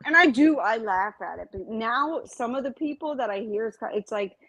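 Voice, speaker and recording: A woman guest on a livestream, chatting in a sharp-tongued, sarcastic way. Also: on the high side, expressive, normal speed, crowd noise, rough recording. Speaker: stream guest. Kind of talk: casual chat.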